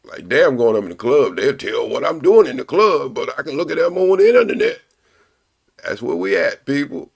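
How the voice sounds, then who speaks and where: An older man hosting a live stream, preaching bluntly and profanely, repeating his points slowly for emphasis. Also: mid-range voice, wildly swooping pitch, vocal fry, husky. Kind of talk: casual live-stream commentary.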